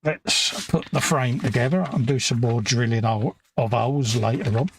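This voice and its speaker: A man's voice: mid-range voice, moderate pace, a little hiss or hum. A man in his fifties, a livestream co-host chatting casually while he builds a model, laid-back and full of slang.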